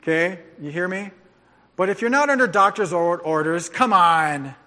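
High, bright-voiced preacher in a reverberant hall. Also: male voice, moderate pace. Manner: energetic, coach-like urging and joking. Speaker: pastor. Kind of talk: sermon with storytelling. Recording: long reverb of a large hall.

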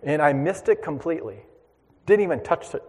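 A man preaching, telling a lively childhood story to his congregation and drawing a lesson from it. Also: a little high, brisk, slightly rough, long reverb tail. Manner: animated storyteller, acts out voices and shouts. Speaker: pastor. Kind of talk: storytelling sermon.

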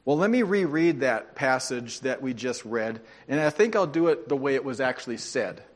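A man's voice: mid-range voice, lively intonation, moderate pace. A man preaching a sermon, reading scripture aloud with playful, sarcastic asides. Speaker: pastor.

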